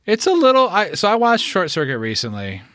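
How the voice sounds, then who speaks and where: A man's voice: high-pitched, huge pitch swings, a little fast, fairly bright tone, dry recording, studio quality. A man co-hosting a podcast in a laid-back, casual way, laughing easily and tossing in short agreeing replies. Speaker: podcast co-host.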